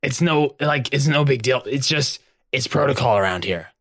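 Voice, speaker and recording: A man's voice: medium pitch, lively intonation, moderate pace, fairly bright tone, dry recording, clean studio sound. A man playing a tabletop role-play game in an offhand, matter-of-fact way. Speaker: player.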